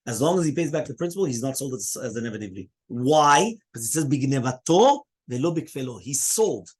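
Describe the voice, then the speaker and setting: Expressive and a little fast, a rabbi with a husky mid-range voice guides his Talmud class through the text step by step. He fields questions from the students and repeatedly asks "right?" along the way.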